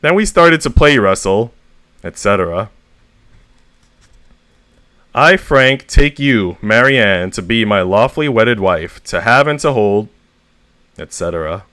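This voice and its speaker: Man, VTuber storyteller, deadpan comic reading, dry close sound. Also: medium pitch, unhurried, few pauses, clear, resonant tone, dry recording. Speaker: VTuber reader. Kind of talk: reading humorous short stories aloud.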